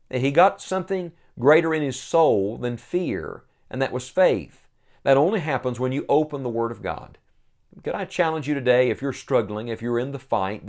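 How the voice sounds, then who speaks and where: An earnest man delivering a sermon in a mid-pitched voice. He leans into key phrases and slows right down to drive each point home. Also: darkish tone. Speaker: preacher.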